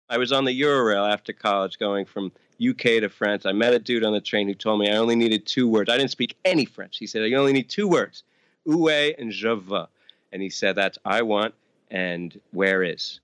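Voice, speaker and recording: A man's voice: fairly low pitch, normal speed, fairly bright tone, clean tone, no room sound. A young man hosting a podcast, telling a story in a playful comic rant full of mock outrage. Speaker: podcast host. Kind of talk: casual chat, comic rant.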